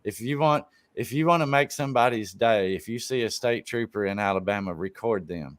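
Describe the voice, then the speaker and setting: A man's voice: on the low side, brisk, few pauses. A man hosting a casual live-stream chat, telling stories in a laid-back way and swearing freely. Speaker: live stream show host.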